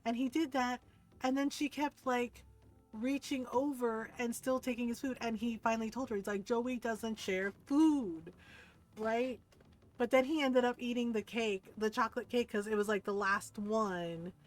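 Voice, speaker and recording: A woman streaming a game, telling gossipy stories in a lively, casual way and swearing freely. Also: on the high side, normal speed. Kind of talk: casual live-stream chat.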